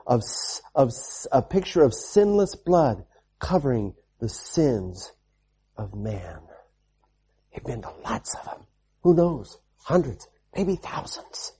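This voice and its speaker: A man preaching a children's sermon, telling a Bible story in an animated way, repeating lines and calling out amens. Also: a little high, breathy edge. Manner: animated, repetitive, with call-and-response amens.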